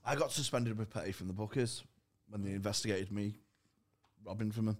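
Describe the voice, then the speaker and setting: A man co-hosting a casual podcast, firing off teasing questions and jokes. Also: on the low side. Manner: quick teasing questions, joking. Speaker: podcast co-host.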